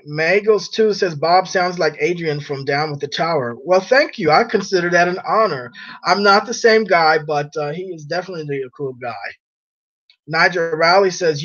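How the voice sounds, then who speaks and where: A man's voice: fairly high pitch, a bit bright. Chatty man on a dull lo-fi recording. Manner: rambling and chatty, laughs often. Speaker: channel host reading viewer comments. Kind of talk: casual chat. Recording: dull lo-fi sound.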